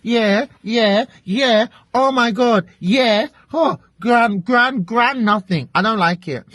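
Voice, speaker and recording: Animated British woman ranting on a vlog. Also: fairly low pitch, no room sound. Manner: animated, exasperated ranting with frequent swearing. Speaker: vlogger. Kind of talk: chatty vlog rant.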